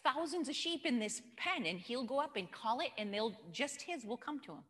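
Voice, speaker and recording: This woman speaks at normal speed in a high, animated voice. Her chatty church teaching talk mixes storytelling with questions to the audience, and the recording carries long hall reverb.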